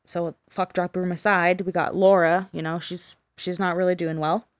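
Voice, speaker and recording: A woman's voice: on the low side, little pitch movement, normal speed, no echo. A woman co-hosting a podcast, telling a paranormal story in casual chat with fillers and the odd swear word.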